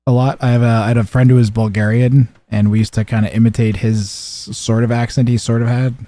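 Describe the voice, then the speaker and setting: A man's voice: medium pitch, little pitch movement, a little fast, warm tone, no echo. A young man streaming a strategy game, chatting casually with viewers and commentating, rambling with lots of fillers and restarts.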